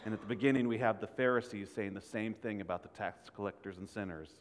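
A man's voice: lowish voice, quick pace, big-room sound, a little hiss or hum. A man preaching a sermon, earnest and full of rhetorical questions to the congregation.

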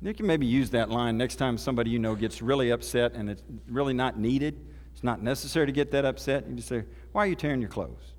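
A man's voice: mid-range voice, fast talker, a little mellow. A man from Oklahoma, preaching a sermon in a folksy, conversational storytelling way. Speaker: pastor. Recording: reverberant hall.

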